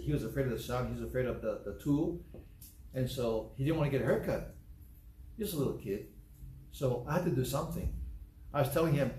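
Pastor, male, earnest, repeats his points slowly; roomy, echoey hall recording. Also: medium pitch, mellow. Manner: earnest, repeats key phrases slowly for emphasis. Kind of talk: sermon. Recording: echoey room with faint background noise.

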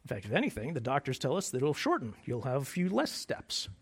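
A man preaching a sermon as pastor, animated and joking, sometimes dropping to soft, hushed phrases. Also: medium pitch, fast, husky.

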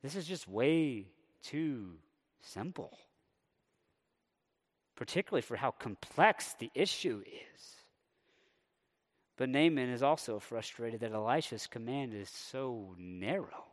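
A man preaching a sermon, animated and conversational, sometimes voicing a character's indignant thoughts. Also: medium pitch, moderate pace. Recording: long hall reverb.

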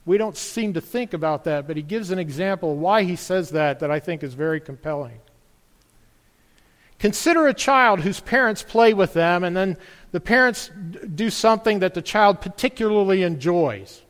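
Male pastor, sermon, high voice, long hall reverb, earnest rhetorical questions. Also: animated, normal speed, a bit bright.

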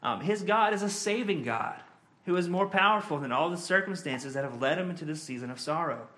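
A man preaching a sermon as pastor, earnest, reading scripture slowly and talking it through with frequent fillers. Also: a little high, animated, fairly bright tone.

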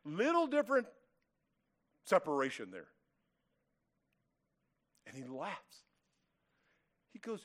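A man's voice: high voice, huge pitch swings, takes it slowly, pauses often, fairly bright tone. A man from California preaching an expository sermon, emphatic, asking rhetorical questions and acting out quotes. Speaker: pastor.

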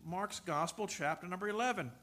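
A man with a high voice preaches a sermon at a fairly quick pace, telling a personal story with humorous asides. He repeats words and shifts between loud preaching and soft confiding.

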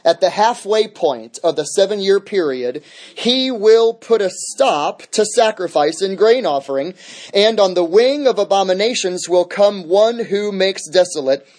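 A man's voice: high-pitched, expressive, measured pace, darkish tone. A man teaching a midweek Bible study as pastor, emphatic, restating key phrases over and over.

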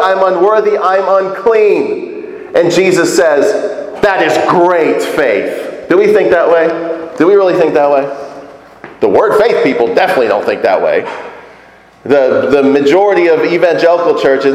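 A man's voice: a little high, sing-song, measured pace. A man preaching a sermon in a conversational, emphatic way, full of rhetorical questions. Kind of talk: sermon teaching. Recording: echoey hall.

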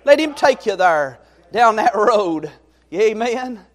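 A high-voiced, middle-aged man preaches with fervor. He swings from ringing exhortation down to soft, homey storytelling. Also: sing-song, slow. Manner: fervent, swings from loud exhortation to quiet storytelling. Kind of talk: sermon.

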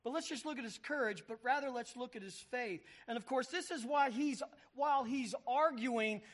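High-voiced preaching man. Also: animated, measured pace. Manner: reads scripture aloud, acts out the voices with emphasis. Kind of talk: sermon.

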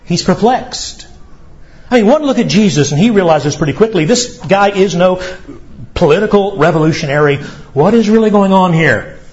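A male pastor delivering a sermon, preaching emphatically with dramatic pauses. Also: sits high, expressive, darkish tone, muffled recording.

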